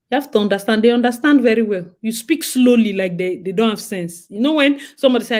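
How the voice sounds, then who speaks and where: A young woman with a Nigerian accent, hosting a casual talk and chatting in a lively way with bits of Pidgin. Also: fairly high pitch, fast talker, few pauses. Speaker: host. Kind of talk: casual monologue.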